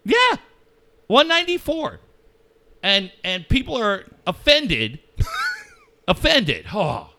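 Profane, bright-voiced man ranting about sports. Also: high-pitched, huge pitch swings, slow pace, vocal fry, pauses often. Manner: swearing, mocking, puts on voices.

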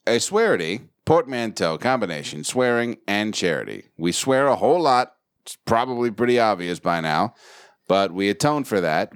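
A man's voice: low voice, smooth, dry recording, clean studio sound. A man hosting a podcast in casual banter, profane and rambling, laughing often. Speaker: podcast host.

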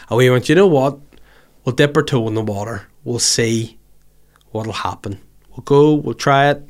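A man hosting a podcast in casual, jokey chat, a little hoarse from covid, swinging between loud bursts and soft asides. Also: mid-range voice. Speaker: podcast host.

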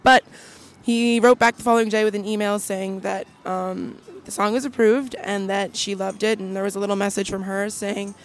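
A woman's voice: medium pitch, fairly even intonation, normal speed. A young adult woman, a singer, talking casually as a guest in a chatty, rambling way with many fillers. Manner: chatty, full of fillers and restarts. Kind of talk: casual chat.

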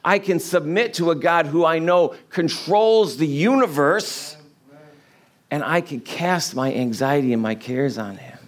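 Guy preaching a sermon, chatty and casual, lots of questions to the crowd, voice a bit on the high side. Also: animated, unhurried. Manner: conversational preaching with rhetorical questions. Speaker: pastor.

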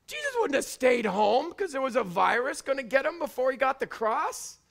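A man from Canada with a Canadian accent, preaching a fiery sermon in church and often shouting. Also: very high-pitched, big pitch swings, normal speed, vocal fry. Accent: Canadian English. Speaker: pastor. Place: church before a congregation.

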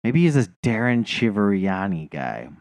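A man's voice: fairly low pitch, big pitch swings, moderate pace, a little mellow, no echo, studio quality. A man co-hosting a podcast, telling a long, rambling story in casual chat, swearing and laughing often. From New Jersey. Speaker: podcast co-host.

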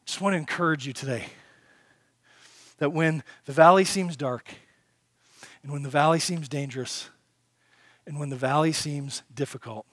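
A man preaching a sermon to a congregation, emphatic, with rhetorical questions and swings between loud passages and hushed ones. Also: a little high, normal speed, pauses often, dry recording, studio quality. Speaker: pastor.

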